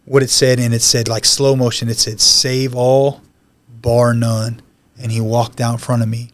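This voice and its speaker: A man's voice: medium pitch, flat delivery, brisk. A man, a podcast guest, telling his life story in an earnest, conversational way with many "you know" asides. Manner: emotional, heartfelt retelling. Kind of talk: personal testimony storytelling.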